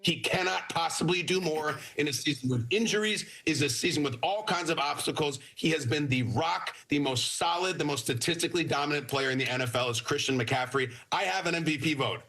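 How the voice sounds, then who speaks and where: A man co-hosting a sports talk show, arguing his case emphatically in an animated debate. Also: on the high side, brisk, few pauses.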